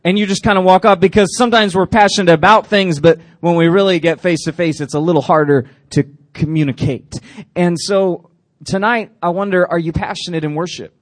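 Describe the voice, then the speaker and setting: Youth pastor, man, high voice, dry close mic, animated and playful with the crowd. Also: brisk, no echo. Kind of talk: youth sermon.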